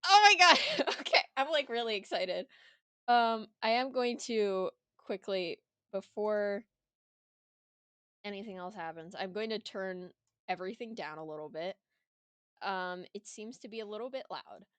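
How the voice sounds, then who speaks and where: A woman's voice: mid-range voice, measured pace, smooth, no room sound. A young woman streamer giving giggly, rambling, self-deprecating game commentary.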